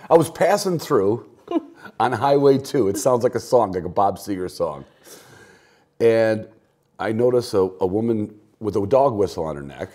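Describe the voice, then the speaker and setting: A man's voice: on the low side, lively intonation, normal speed, warm tone. A road-weary man hosting a podcast in casual, rambling chat, joking about himself between asides, recorded at a picnic table in a garage. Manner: jokey, self-mocking, rambling asides. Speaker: podcast host.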